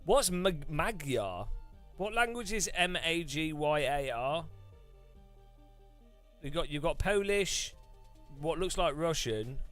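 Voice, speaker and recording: A British man with a high, bright voice, chatting to his viewers as a gaming host. He talks slowly and jokes around, his pitch swinging up and down, with faint music playing underneath. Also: lively intonation. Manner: jokey and laughing, mocks foreign languages. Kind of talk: casual chat to a live chat.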